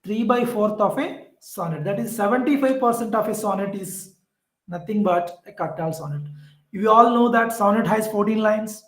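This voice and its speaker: A man with an Indian English accent teaching a poetry lesson, explaining slowly and repeating points with many fillers. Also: high-pitched, echoey room, rough recording. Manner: slow, repetitive explaining with fillers. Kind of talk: classroom lecture on poetry.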